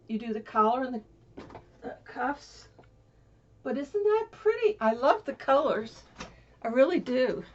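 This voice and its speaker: A woman from Florida talks casually on her crafting vlog, wandering between thoughts with plenty of fillers and restarts. Her voice has a gravelly edge. The home recording sounds muffled and dull. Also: mid-range voice. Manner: rambling, chatty, many fillers and restarts. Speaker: crafting vlogger. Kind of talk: casual chat.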